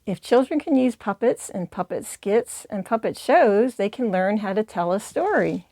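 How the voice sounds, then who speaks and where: A woman's voice: mid-range voice, animated, normal speed, hardly any pauses, warm tone, no room sound. A woman hosting a puppetry channel, explaining puppet techniques in an encouraging, teacherly way. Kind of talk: instructional video.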